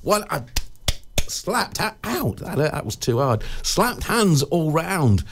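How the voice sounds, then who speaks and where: A man's voice: fairly high pitch, sing-song, slow, gravelly. A man presenting a radio show in casual chat, rambling and joking with studio colleagues. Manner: rambling, jokey, self-interrupting.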